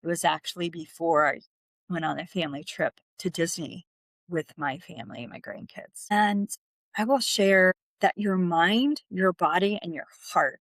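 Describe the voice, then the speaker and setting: A woman in her fifties hosting a reflective solo podcast, speaking gently and asking the listener questions. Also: lowish voice, moderate pace, no room sound. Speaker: podcast host.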